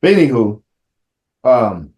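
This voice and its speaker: A man who is a police sergeant and grew up in Compton, talking casually in an interview, relaxed and reflective, getting animated as he tells a story. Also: medium pitch, slow pace, echoey room. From Compton, California. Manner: relaxed storyteller, grows animated and laughing when telling the story.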